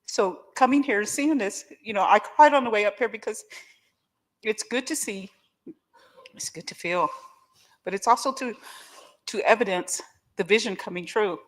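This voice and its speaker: Middle-aged woman, recovery-meeting guest speaker; candid, heartfelt, quick to joke with the room. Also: medium pitch. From Oklahoma. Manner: candid, emotional and joking, addresses the crowd directly. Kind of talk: personal testimony talk.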